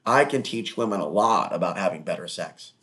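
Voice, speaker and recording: Animated rambling man with lively pitch. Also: a little fast. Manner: animated, crude, digressive, mocking asides. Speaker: solo online talk-show host. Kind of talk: rambling monologue.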